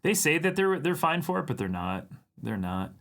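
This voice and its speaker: A man hosting a livestream, chatting casually and excitedly about viewer drawings, laughing often. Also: fairly high pitch, normal speed. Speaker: livestream art show host.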